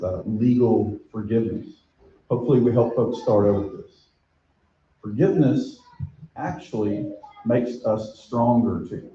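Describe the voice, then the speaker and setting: Low-voiced judge giving an easygoing talk. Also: male voice, slight background noise. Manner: relaxed and conversational. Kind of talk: public talk with audience questions. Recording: echoey, dull room recording.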